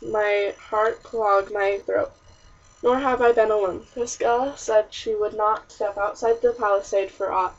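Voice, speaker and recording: Husky woman reading a diary story. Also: medium pitch, a little mellow. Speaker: audiobook narrator. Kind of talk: first-person storybook narration. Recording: distant, muffled audiobook recording.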